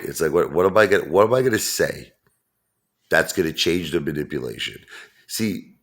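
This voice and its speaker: A man's voice: very deep voice, fairly bright tone. A man hosting his own channel, talking straight to viewers in a brash, mocking, repetitive rant. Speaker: channel host. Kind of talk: ranting vlog monologue.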